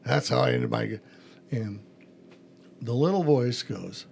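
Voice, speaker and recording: A man's voice: medium pitch, unhurried, gravelly, a little mellow, a little hiss or hum. A middle-aged man, a pastor hosting a podcast, telling a story in a casual chat and acting out the phone calls in it.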